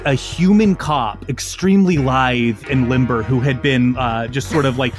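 A man's voice: mid-range voice, normal speed, soft background music. A man narrating and refereeing as game master, loose and laughing as he improvises.

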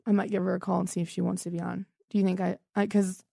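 A woman's voice: lowish voice, little pitch movement, quick pace, creaky, warm tone, no room sound, clean studio sound. A woman in her twenties hosting a comedy podcast, blunt and erratic, oversharing in improvised calls. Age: 20s. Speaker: podcast host.

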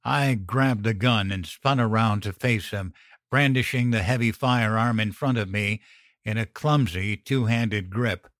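A man narrating a first-person horror story in a measured, grim manner. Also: on the low side, fairly bright tone, dry recording, studio quality.

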